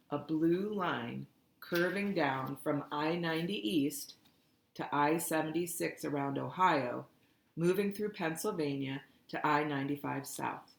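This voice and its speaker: Audiobook narrator, woman, low and slow, earnest reading, echoey room. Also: vocal fry. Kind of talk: first-person storybook narration. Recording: roomy echoey recording.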